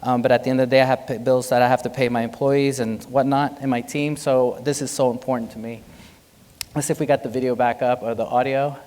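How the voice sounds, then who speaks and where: A man, a physician, giving a lively, conversational conference keynote and joking with the audience. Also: medium pitch, quick pace. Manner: animated, conversational, jokes with the audience. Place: large hotel conference hall. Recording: long hall reverb.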